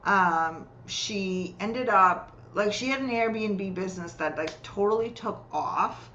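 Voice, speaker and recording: A woman healer and coach, a guest, telling client stories in a lively way and acting out what people said. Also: medium pitch, takes it slowly, muffled recording, slight background noise. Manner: lively, acts out quoted voices while telling client stories. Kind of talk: conversational storytelling.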